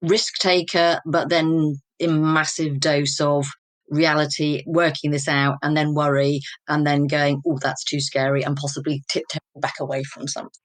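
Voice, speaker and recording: Speaking as an interview guest, a fifty-something woman from England opens up about personal experiences with reflection and candour. Her delivery is low-pitched and flat at a moderate pace, recorded without echo.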